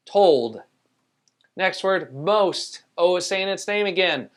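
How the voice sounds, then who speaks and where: A man's voice: sits high, lively intonation, slow. A man teaching a spelling lesson, patiently explaining rules and sounding out each letter. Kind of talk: spelling tutorial.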